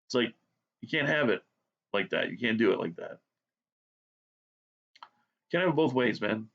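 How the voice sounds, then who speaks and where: Brief: blunt, sarcastic man on a profane rant, mid-pitched voice, muffled lo-fi recording. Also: animated, moderate pace, vocal fry. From United States. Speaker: art vlogger. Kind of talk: profane rant while drawing.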